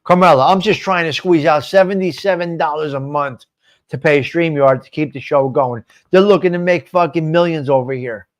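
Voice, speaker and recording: A man's voice: a little high, normal speed. A man hosting a live stream show, chatting casually and answering viewer comments by name in a rambling, swearing way.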